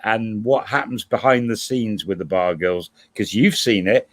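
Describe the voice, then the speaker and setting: A man's voice: fairly low pitch, a little slow. A middle-aged man, chatting casually on a livestream and rambling through long examples while correcting himself. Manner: rambling, self-correcting storyteller. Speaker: co-host guest.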